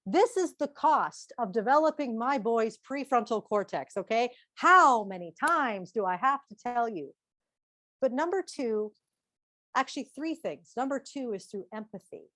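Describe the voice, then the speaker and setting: A middle-aged woman speaking at a parenting seminar, lively, asking the audience questions and acting out quotes. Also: a little high, a little slow, dry recording, studio quality.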